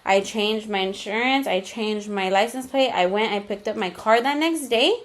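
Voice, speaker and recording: A young adult woman co-hosting a podcast tells a personal story in casual chat, her mid-range voice at normal speed. She's candid, swears freely, and drops in Spanish slang.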